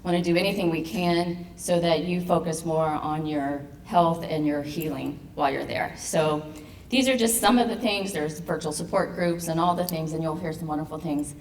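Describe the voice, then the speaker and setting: Casting: woman with a very low voice, earnest welcoming speaker, distant mic with faint noise. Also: normal speed, darkish tone. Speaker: patient advocacy representative. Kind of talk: speech at an education event. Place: event venue. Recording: echoey room from a distant mic.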